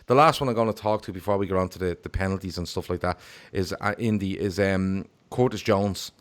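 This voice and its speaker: A man's voice: sits low, brisk. A man hosting a casual football podcast, talking animatedly and reading out viewer comments. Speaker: podcast host.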